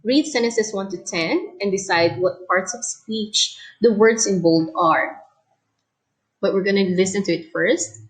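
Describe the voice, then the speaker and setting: A woman teacher giving a recorded English lesson, explaining clearly and calmly. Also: medium pitch, measured pace, low-quality recording.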